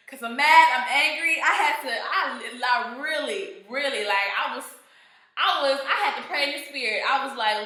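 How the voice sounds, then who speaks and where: A woman's voice: high-pitched, normal speed, bright, forceful tone, reverberant. A woman giving an earnest devotional teaching, stressing points through emphatic repetition. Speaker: Bible teacher.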